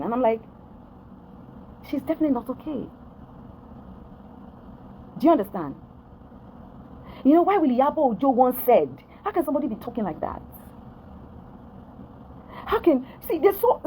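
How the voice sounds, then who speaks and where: A woman's voice: on the high side, slight background noise, poor audio. Nigerian lady ranting to her followers, emphatic, keeps repeating herself, voice goes up and down a lot. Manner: emphatic, repetitive, keeps asking "do you understand?". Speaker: vlogger addressing followers. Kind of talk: direct-to-camera rant.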